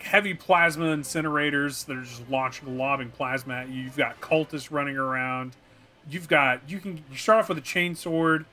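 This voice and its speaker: A man co-hosting a casual gaming chat, recapping a video game in a rambling, animated way and acting out scenes as he goes. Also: fairly high pitch. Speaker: co-host.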